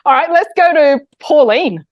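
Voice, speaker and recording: High, lively woman host, gushing and bubbly, dull muffled call audio. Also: normal speed, no echo. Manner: bubbly, gushing, laughs often. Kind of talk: casual chat.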